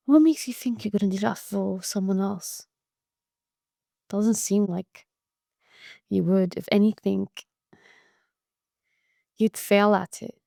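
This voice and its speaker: A woman hosts her own podcast in a blunt, profane monologue of tough love. Her voice carries a gravelly, creaky edge. The sound is dry and close, with no room around it. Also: medium pitch, dark tone, dry recording. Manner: tough-love pep talk. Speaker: podcast host. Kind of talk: casual monologue.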